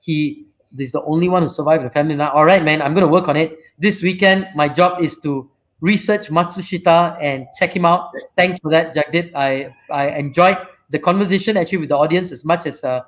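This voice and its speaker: Man, Malaysian English accent, slightly high voice, casual rambling host, many fillers. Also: a little fast. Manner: rambling, frequent fillers and "right?" tags. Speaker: show host and company CEO. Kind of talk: casual live-stream chat.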